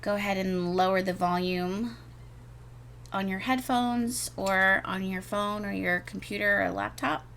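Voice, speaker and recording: Woman tarot reader, middle pitch, rambling gushy delivery, faint room hiss behind. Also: steady tone, unhurried, creaky, fairly bright tone. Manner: rambling, gushing, repeats words, many fillers. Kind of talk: casual spoken tarot reading.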